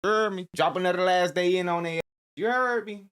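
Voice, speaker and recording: A man's voice: high-pitched, brisk, fairly bright tone, clean tone. A man hosting a reaction video, chatting casually in heavy slang with bursts of disbelief.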